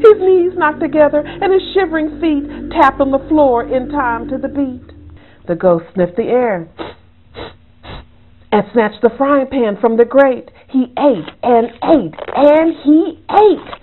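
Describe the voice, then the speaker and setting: A woman author reading her own children's book aloud as a bedtime story, with an expressive, rhythmic delivery. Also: high voice, slow, slight background noise. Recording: tinny phone-like sound, faint music.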